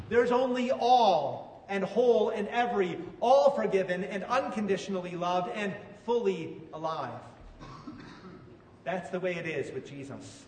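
A man's voice: high-pitched, a little slow, a little mellow. A man preaching a sermon in a conversational way, asking his listeners questions. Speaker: pastor. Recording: echoey hall, mic from far off.

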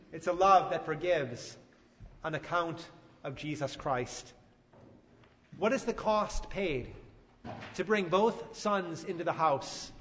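High-voiced man preaching in a reverberant hall. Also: slight background noise. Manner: animated storytelling, rising to emphatic peaks. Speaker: pastor. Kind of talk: sermon.

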